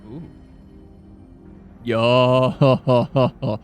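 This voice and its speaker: A man's voice: mid-range voice, lively intonation, a little slow, soft background music. A man streaming a game, reacting casually, joking, laughing and swearing.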